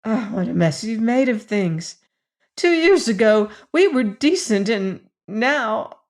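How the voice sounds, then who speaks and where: A young woman with a bitter, emotional edge talks slowly and haltingly, read by a woman narrator. She sounds ashamed and close to tears. This is an audiobook character voice. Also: a little high, a little mellow, pitched above the performer's own voice, lightly acted.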